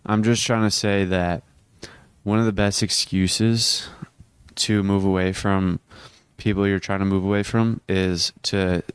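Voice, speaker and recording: A teenage boy vlogs about self-improvement in a deep, even, level voice that stays smooth and clear. He talks earnestly and rambles, restarting his sentences as he goes. The recording is close and dry, with no room sound. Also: a little slow, no room sound. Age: teens. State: hiccuping. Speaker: vlogger. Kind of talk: casual self-improvement vlog.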